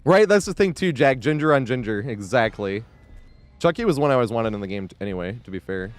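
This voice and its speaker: Lively, swearing male game streamer. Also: medium pitch, fast talker, faint music behind. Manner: swears freely, laughs often, reacts to chat and gameplay. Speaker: live streamer. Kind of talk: casual gaming live-stream chat.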